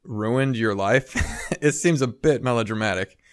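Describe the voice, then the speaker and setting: A man's voice: mid-range voice, a little slow, no room sound, clean studio sound. A man in casual chat, telling a rambling story full of "you know" and "like".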